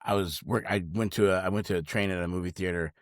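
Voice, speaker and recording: A man's voice: deep voice, steady tone, fast talker, no echo, studio quality. A man co-hosting a casual podcast chat, swearing freely and mocking people with impressions. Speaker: podcast co-host.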